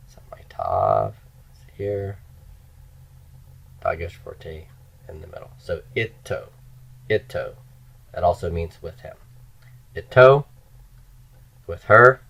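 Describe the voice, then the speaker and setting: A man's voice: sits low, big pitch swings, slow pace, vocal fry, pauses often, lo-fi sound. A man teaching Hebrew grammar in a recorded lecture, explaining step by step and chanting word forms for students to repeat.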